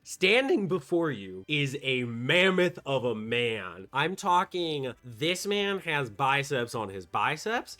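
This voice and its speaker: A man's voice: mid-range voice, pushed and bright. A man narrating as game master, describing scenes in a playful, descriptive way.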